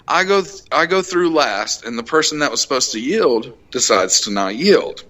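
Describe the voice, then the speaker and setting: A young adult man hosting a casual podcast, telling a heated, profane road-rage story and acting out the shouting. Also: mid-range voice, big pitch swings, measured pace. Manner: profane, heated retelling, acts out shouted quotes. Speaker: podcast host.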